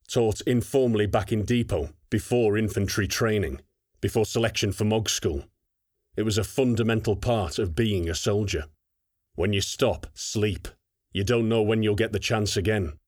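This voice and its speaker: Male audiobook narrator, low and steady, dry close mic. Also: normal speed, no room sound.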